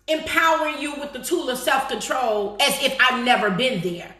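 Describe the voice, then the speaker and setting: A woman preaching a live-streamed motivational sermon. She is emphatic, swinging from shouted lines to slow, low, drawn-out stresses, and repeats key phrases for emphasis. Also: lively intonation. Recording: echoey room.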